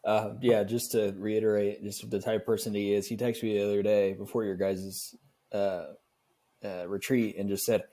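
A young man with a fairly low voice co-hosts a casual podcast. He talks in a relaxed, reflective way, rambling a little as he thinks aloud. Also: normal speed. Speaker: podcast co-host.

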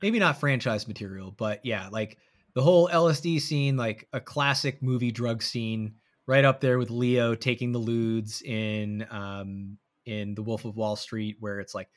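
A man's voice: lowish voice, measured pace. Man, podcast co-host, rambling, filler-heavy, casual movie chat. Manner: rambling, many fillers, trailing off softly.

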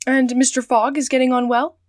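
A sly, cautious agent, read by a woman asks careful, measured questions in a storybook reading. The voice is fairly high and close, with a dry sound. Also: little pitch movement, no room sound, natural voice. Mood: probing.

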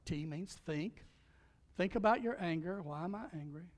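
A middle-aged man preaching a sermon as a pastor and chaplain, emphatic, asking the congregation questions, swinging between loud exhortation and soft hushed lines. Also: high voice, moderate pace. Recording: long reverb of a large hall.

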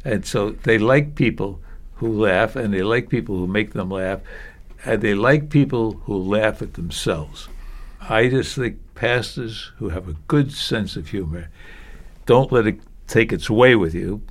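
A man's voice: on the low side, unhurried. A man giving preaching advice in a podcast conversation, chuckling between points. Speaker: preaching teacher.

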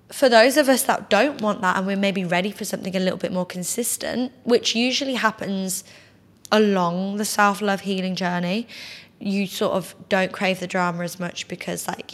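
A woman, casually telling a personal story as a podcast host, chatty and full of "like". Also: mid-range voice. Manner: chatty, heavy use of "like", animated quoting. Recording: long hall reverb.

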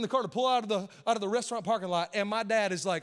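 A male pastor preaching a sermon, telling a story in an animated way, swinging from shouts to hushed asides. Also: sits high, very fast, smooth. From Nashville, Tennessee. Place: church auditorium. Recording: long hall reverb.

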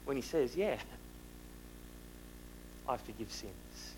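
A man preaches a sermon slowly and very animatedly at a medium pitch, posing rhetorical questions to his listeners and shifting between loud and hushed delivery. Background noise can be heard.

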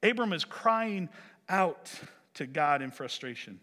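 A male preacher giving a sermon, animated, swinging from loud emphasis to hushed lines. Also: on the high side, takes it slowly. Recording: echoey hall.

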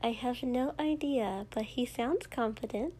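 Lady reading, doing a bossy but caring young healer girl, firm, a little higher. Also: lively intonation, unhurried, darkish tone.

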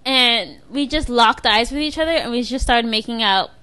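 A young woman in her twenties chatting casually and telling a dating story with lively acted-out quotes. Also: a little high, normal speed, smooth. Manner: animated storyteller, acts out quotes, laughs a lot. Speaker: podcast co-host.

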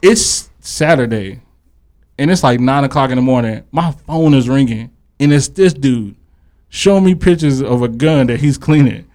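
A man's voice: medium pitch, normal speed, a little mellow. A male podcast host telling a story in casual chat, animatedly acting out both sides of a quoted argument.

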